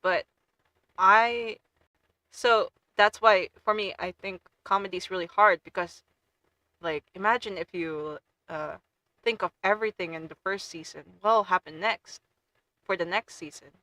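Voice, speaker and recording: A woman streamer talks casually with a bright, sharp tone and dry, close sound. She gushes with excitement, tripping over her words and restarting sentences as her enthusiasm runs ahead of her. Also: mid-range voice, unhurried, no room sound, rough recording. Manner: gushing and excitable, with frequent stumbles and restarts. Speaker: VTuber streamer.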